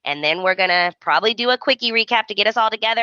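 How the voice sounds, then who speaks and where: A woman's voice: fairly high pitch, expressive, very fast, sharp tone, dull audio. A woman hosting a podcast, chatting casually and acting out characters' lines as she recaps. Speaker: podcast host.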